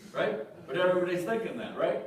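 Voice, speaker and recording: Echoey pastor preaching from afar. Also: male voice, medium pitch, a little mellow. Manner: asks the congregation questions, repeats phrases. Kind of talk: conversational sermon. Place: church sanctuary. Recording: echoey church from a distant mic.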